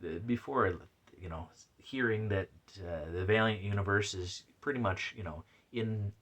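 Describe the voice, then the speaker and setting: A man's voice: lowish voice, moderate pace, a bit bright. A man hosting a casual solo comic review podcast, rambling and chatty with lots of fillers and restarts. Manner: reads out messages with playful put-on voices. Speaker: podcast host.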